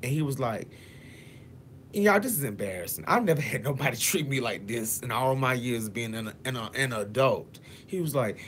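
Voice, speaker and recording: A man's voice: medium pitch, expressive, moderate pace, fairly bright tone, slight background noise. A man telling a story to his viewers, cursing freely and acting out what each person said. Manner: profane, dramatic, addresses viewers as y'all; acts out quotes in shifting voices. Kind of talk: animated storytime vlog.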